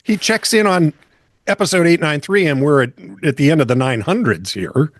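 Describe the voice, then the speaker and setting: A man's voice: on the high side, expressive, moderate pace, no room sound. A man hosting a podcast, chatting casually with dry, wry asides and reading listener comments. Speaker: podcast host. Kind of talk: casual comedic banter.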